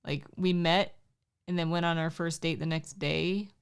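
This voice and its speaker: A woman in her thirties co-hosts a livestream, chatting casually and laughingly defending herself. Her low-pitched voice is steady, creaky and clean in tone, at a normal speed.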